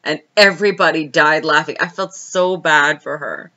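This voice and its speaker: A woman's voice: low-pitched, normal speed, bright, forceful tone, dull audio. A woman hosting a casual late-night live stream, reading viewer comments aloud, laughing often and telling stories. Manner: chatty storytelling.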